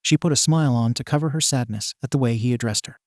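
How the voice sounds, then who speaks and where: A man narrating a fan fiction story in an even, steady storytelling manner. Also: medium pitch, fast, dry recording, studio quality. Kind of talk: reading fan fiction aloud.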